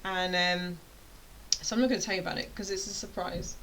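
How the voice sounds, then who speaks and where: A woman's voice: on the low side, fairly even intonation, brisk, a bit bright, poor audio. British woman, online course tutor; rambling, playful, self-interrupting delivery with faint hiss behind her. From United Kingdom. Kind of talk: casual chatty explainer.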